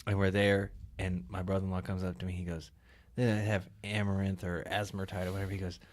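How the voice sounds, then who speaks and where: A man co-hosting a casual chat, telling a relaxed story, swearing freely and laughing along. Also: deep voice, brisk. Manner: relaxed, swears freely, laughs through his own stories.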